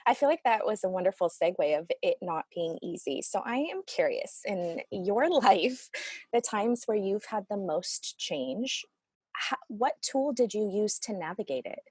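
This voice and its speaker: A woman's voice: medium pitch, unhurried, slightly rough, dry recording. Earnest woman therapist, dry close sound. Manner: earnest, animated, reflective with restarts. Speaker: family constellation therapist. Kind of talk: conversational interview.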